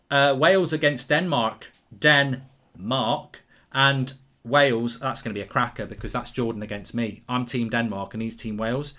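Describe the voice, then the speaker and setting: A man from England hosting a live football watchalong, rambling excitedly and reading viewer messages aloud. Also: mid-range voice. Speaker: host.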